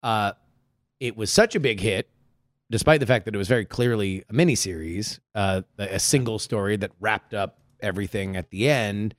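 A man's voice: lowish voice, moderate pace, no room sound. A man co-hosting a podcast, chatting casually with playful banter and enthusiastic recommendations. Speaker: podcast co-host. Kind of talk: casual comedic chat.

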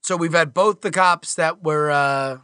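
Player, male, bright and animated voice, joking banter, close and dry sound. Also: a little high, measured pace, clean tone, dry recording. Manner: joking, in-character banter as a cop. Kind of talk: improvised tabletop role-play.

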